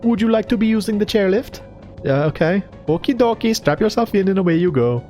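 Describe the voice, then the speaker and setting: A man's voice: high voice, animated, fairly quick, mellow, faint music behind, voice pushed up. A man voicing a cheery male bear who runs a chairlift in a game, with a put-on Scandinavian-style accent and sing-song salesman patter. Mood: chirpy.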